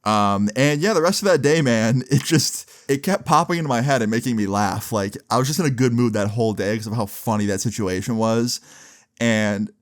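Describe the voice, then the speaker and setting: A man's voice: mid-range voice, brisk. A young man telling a story on his vlog in casual slang, swearing and laughing as he goes. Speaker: vlogger.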